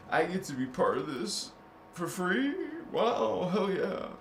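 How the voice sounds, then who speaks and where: Speaking slowly with vocal fry, this high-voiced, very animated man runs a spiritual video channel. He jokes around casually in crude slang, laughs at his own gags, and sounds like he's in an echoey room with faint noise.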